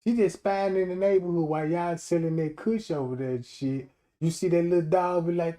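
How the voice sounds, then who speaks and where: A man doing a loud comedic livestream rant, animated and profane, laughing often and acting out quotes in different voices. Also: on the high side, a little fast. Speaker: streamer.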